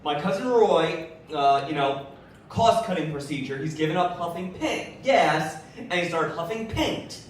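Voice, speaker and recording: A man delivers a stand-up set in a deadpan, offhand way. His voice sits fairly high, and his pace is slow and unhurried. He sounds far from the mic in a very echoey room. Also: a little hiss or hum. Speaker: stand-up comedian. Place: live comedy venue.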